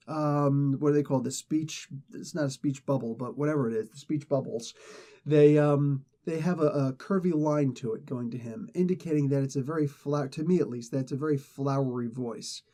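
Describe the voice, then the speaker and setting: A man's voice: a little high, moderate pace, mellow. A man casually reviewing a comic book, rambling and correcting himself as he gives his opinions. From not British.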